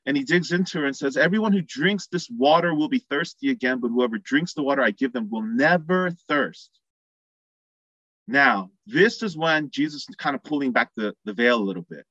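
A man's voice: mid-range voice, pushed and bright, slightly rough, no echo, dull audio. A man preaching a sermon in a conversational way, acting out the people in the story as he goes. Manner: conversational, acts out quoted voices.

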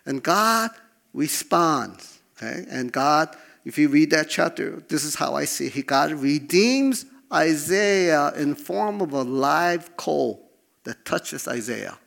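A man's voice: a little high, expressive, takes it slowly, vocal fry, a bit bright. A man preaching a sermon, asking the congregation to respond and checking in often with "okay?". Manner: preaching with call-and-response prompts, frequent "okay?". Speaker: pastor.

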